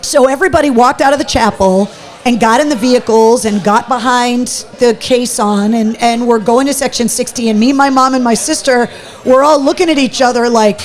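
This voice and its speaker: A woman hosting a live talk show from a pub, telling a story in a quick, animated, casual way. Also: fairly high pitch.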